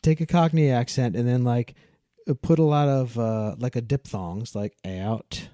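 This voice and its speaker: A man's voice: medium pitch, moderate pace, mellow, dry recording. A joking man with a Midwestern American accent, talking as a podcast guest. His voice sits in a middle register. The sound is close and dry, with no room around it. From Midwestern United States. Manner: playful, joking, many restarts. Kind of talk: casual chat.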